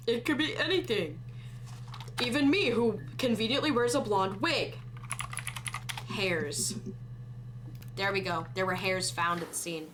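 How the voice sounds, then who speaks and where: A woman's voice: medium pitch, measured pace, pauses often, background noise. An American woman doing chatty let's-play commentary, thinking aloud and humming bits of songs as she plays. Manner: chatty, thinks aloud, hums and sings snatches. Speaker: streamer. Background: music.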